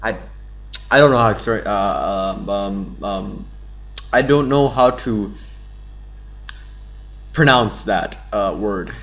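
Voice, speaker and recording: A man's voice: lowish voice, takes it slowly, pauses often, a bit bright. A man giving casual, rambling commentary on a game he plays and reading its dialogue aloud playfully. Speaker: let's play host.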